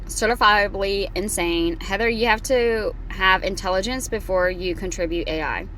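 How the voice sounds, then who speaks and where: A woman's voice: mid-range voice, normal speed, a bit bright, slight background noise. A woman in her thirties giving casual reaction commentary, blunt and mocking, reading live chat aloud. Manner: blunt, mocking, repeats short jabs.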